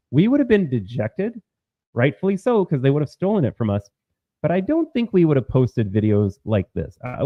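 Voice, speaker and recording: A man's voice: mid-range voice, no echo, narrow, tinny audio. A man hosting an opinionated political commentary, talking emphatically to his viewers and repeating his points.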